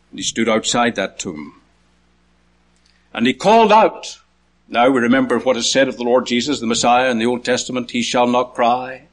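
In his sermon, a man numbers his points as he moves through a passage, pitching his voice up high whenever he calls out quoted words and sinking it low for hushed asides.

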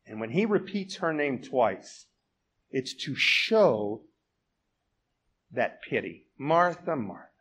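Emphatic preacher with a lively, swinging voice. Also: male voice, mid-range voice, slow, pauses often, slightly rough. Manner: emphatic, swings from loud exclamations to hushed tones; rhetorical questions. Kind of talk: sermon.

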